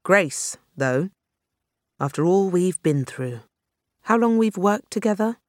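A reader playing a male government minister, forceful and urgent as he takes charge. His voice pushes up in pitch and loudness. The sound is dry and close. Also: expressive, slow pace, no echo. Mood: exasperated. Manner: taking charge, urgent and appealing.

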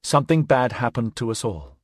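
A man voicing an earnest, determined woman who pleads softly and persuasively, in an audiobook. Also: medium pitch, big pitch swings, brisk, no echo, studio quality. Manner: earnest, persuasive, soft-spoken.

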